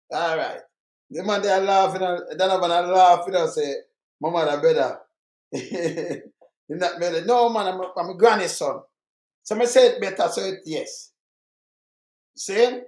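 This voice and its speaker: A man's voice: sits high, darkish tone, roomy sound. An older man with a Jamaican accent, talking in blunt, emphatic casual chat. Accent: Jamaican Patois.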